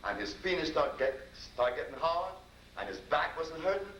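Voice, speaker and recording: A man's voice: fairly high pitch, very animated, moderate pace, a bit bright, lo-fi sound. A man giving a storytelling lecture as a healer, folksy and repetitive, acting out dialogue. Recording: echoey room, distant mic, noisy.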